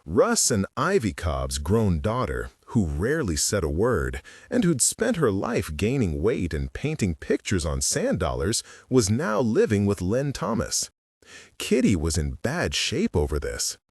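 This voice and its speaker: A man narrating a novel as an audiobook, in an expressive storytelling manner. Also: lowish voice, a little slow, breathy edge, dry recording, clean studio sound, recorded from a distance.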